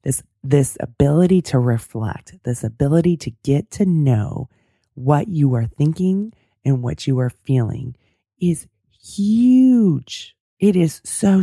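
A woman hosting a podcast with a hoarse, cracking voice, talking in an earnest, thoughtful way. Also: extremely low pitch, warm tone, no room sound, clean studio sound. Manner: earnest, thoughtful, self-deprecating. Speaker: podcast host. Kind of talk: casual interview chat and solo reflection.

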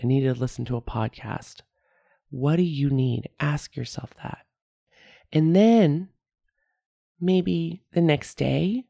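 A woman's voice: a bass voice, vocal fry, mellow, dry recording, clean studio sound. A woman hosting her own podcast, talking candidly about feelings, often laughing at herself and repeating key phrases. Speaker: podcast host. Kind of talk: reflective solo podcast talk.

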